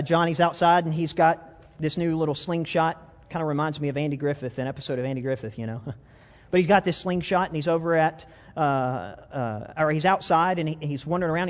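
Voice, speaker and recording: Pastor, high voice, lively sermon storyteller, long hall echo. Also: male voice. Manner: animated storyteller, repeats words, chuckles often. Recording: long reverb of a big hall.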